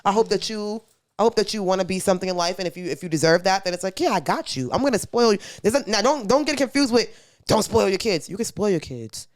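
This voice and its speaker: A young woman co-hosting a podcast in casual chat, blunt and animated, swearing freely and acting out quoted voices. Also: mid-range voice, quick pace, no echo, studio quality. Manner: acts out quoted kids and parents in a raised voice. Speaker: podcast co-host.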